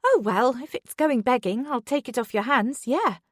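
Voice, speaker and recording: A woman plays a young office worker with a shrill, whiny voice. She is eager and teasing, pitched well above a plain speaking voice. The sound is close and dry, with no room around it. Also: animated, moderate pace, no echo.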